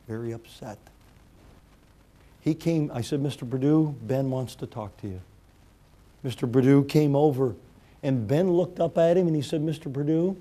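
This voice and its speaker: A middle-aged man preaching a sermon, telling a personal story, moving between loud preaching and quiet, hushed retelling. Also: medium pitch. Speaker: pastor.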